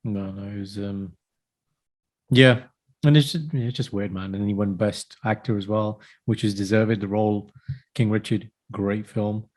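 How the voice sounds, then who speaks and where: A man's voice: lowish voice, fairly even intonation, moderate pace, a little mellow. A man, co-hosting a podcast in casual chat and telling stories with enthusiasm. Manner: chatty, enthusiastic storyteller, says "man" a lot. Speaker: podcast co-host.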